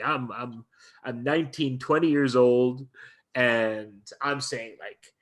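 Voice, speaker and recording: Male guest lecturer, average pitch; earnest, emphatic storytelling with frequent restarts. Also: unhurried, fairly bright tone. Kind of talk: storytelling in an interview.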